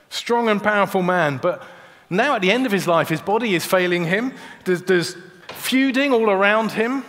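A man's voice: high voice, a bit bright. A man preaching a sermon in a church, earnest and direct, often repeating a word as he starts a sentence. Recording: long church reverb.

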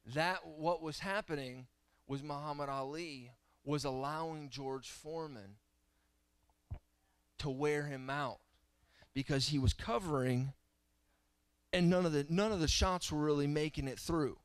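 A man's voice: fairly high pitch, a little slow, pauses often, clear, resonant tone, dry recording. A man in his thirties preaching a sermon in church, telling stories and building to fervent exhortation. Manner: storytelling, rising to fervent preaching. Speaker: guest preacher. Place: church sanctuary.

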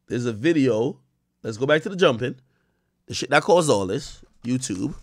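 A man's voice: medium pitch, animated, normal speed, dry recording, clean studio sound. A man giving casual explanatory commentary, talking viewers through on-screen footage in an emphatic, slang-heavy, profane way.

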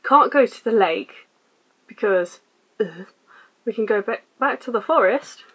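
A woman hosting a casual let's-play, quietly reading game text aloud and muttering her choices. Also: a little high, lively intonation, a little slow, breathy edge, low-quality recording. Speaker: gaming channel host.

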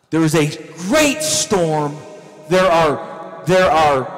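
Pastor guy preaching, high-ish voice, acts out the story, big echoey church. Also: a little slow, soft background music. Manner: animated storytelling, acting out scenes. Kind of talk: sermon.

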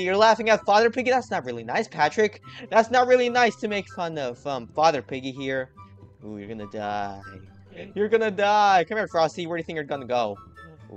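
A young man commentating his gameplay with lots of energy, talking straight to his viewers. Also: sits high. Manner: energetic, talks to viewers, hypes himself up. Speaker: gaming video host.

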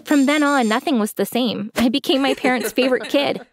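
A young woman narrating a first-person story in a scripted, expressive way. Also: sits high, fairly quick, background noise.

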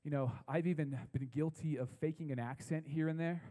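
A pastor delivers a sermon to a live congregation in a church, his voice a touch higher than most men's and mellow in tone. He talks in a relaxed, conversational way and slows down to repeat key phrases for emphasis. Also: big-room sound, low-quality recording. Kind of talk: sermon to a young adult congregation. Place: church service with a live audience.

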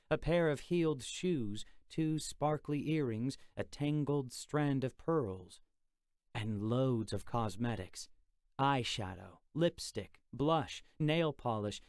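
A man reads a first-person audiobook in a calm, reflective, conversational way. His voice sits mid-range and is recorded dry and close, with no room around it. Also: medium pitch, dry recording. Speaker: audiobook narrator.

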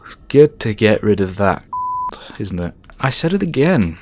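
A man doing excitable, jokey let's play commentary over a horror game, swearing often. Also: lowish voice, moderate pace, a little hiss or hum. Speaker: gaming commentator.

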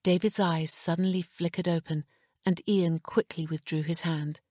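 A woman narrating an audiobook in a hushed, measured way, recorded in a studio booth. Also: on the low side, steady tone, no echo. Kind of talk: scripted narration.

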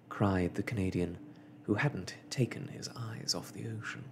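A man reading a classic story aloud in a soft, slow, hushed ASMR style. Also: fairly low pitch, a little hiss or hum.

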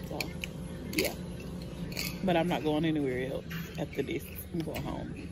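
A woman's voice: deep voice, fairly even intonation, a little slow, noisy background. A woman, chatting casually to her viewers in a family vlog, using slang. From South Carolina. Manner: chatty, talks straight to viewers with Southern slang. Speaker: family vlogger. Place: at home, then a restaurant.

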